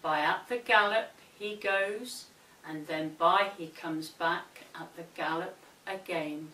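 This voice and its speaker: Woman reading aloud slowly. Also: lowish voice, bright, forceful tone, slight background noise. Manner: slow, measured recitation. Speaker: student reader. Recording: echoey room, mic far off.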